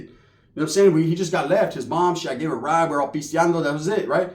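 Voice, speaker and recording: A young man from spins a crude comic story in loose, profane street slang. His voice sits fairly high, and it rings around a roomy space. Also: expressive, a little fast. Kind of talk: comedic storytelling. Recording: roomy echo.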